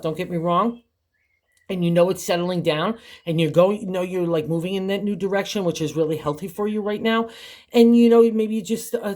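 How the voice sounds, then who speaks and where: A woman's voice: fairly low pitch, a little mellow. An older woman giving a casual, encouraging tarot reading, chatty and full of conversational fillers. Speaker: tarot reader.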